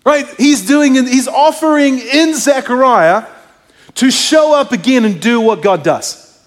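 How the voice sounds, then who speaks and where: A man with a high voice preaches in a relaxed, conversational way, breaking off for asides to his listeners. His voice carries a long reverb from a large hall. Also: normal speed. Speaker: pastor. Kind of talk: sermon.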